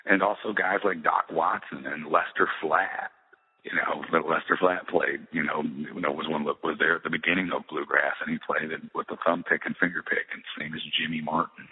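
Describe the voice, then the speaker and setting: A middle-aged musician talking in a casual interview, rambling with many restarts and fillers. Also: male voice, a bass voice, fairly even intonation, brisk, breathy edge. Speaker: musician guest. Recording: tinny phone-like roomy sound.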